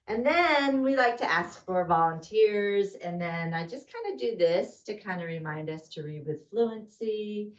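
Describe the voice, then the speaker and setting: A woman teacher demonstrating a reading routine, deliberate and encouraging. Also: medium pitch, expressive. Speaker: first grade teacher. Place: school room presenting to parents. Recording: roomy, distant, dull sound.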